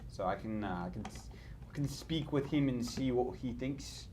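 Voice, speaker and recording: A man's voice: medium pitch, moderate pace, mellow, a little hiss or hum, natural voice. A man putting on a swaggering British-sounding pirate voice while chatting on a stream. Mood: hammy.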